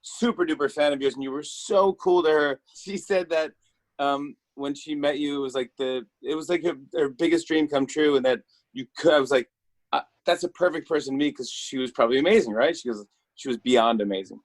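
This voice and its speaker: A man's voice: on the high side, fairly quick, no room sound. A man hosting a talk show interview, gushing with enthusiasm and often restarting his sentences.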